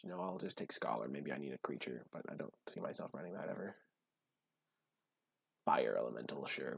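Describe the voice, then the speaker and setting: A man giving casual gameplay commentary while drafting cards, gushing and breaking into high excited shouts. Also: gravelly, breathy edge, no room sound. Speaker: card game drafting streamer.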